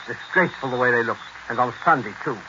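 A man's voice: medium pitch, fast talker, bright, forceful tone, a little hiss or hum, close to an everyday voice. An actor playing a short, fussy middle-aged Englishman with an English accent who talks in a prim, disapproving way, in 1940s radio acting. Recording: dull lo-fi 1940s radio recording.

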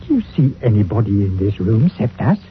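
An actor playing a chatty, deferential village greengrocer in a 1940s radio play, on an old recording. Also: male voice, fairly low pitch, very animated, fairly quick, narrow, tinny audio, slight background noise. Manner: folksy, deferential, with dropped grammar. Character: chatty village greengrocer and church bell-ringer, deferential man.

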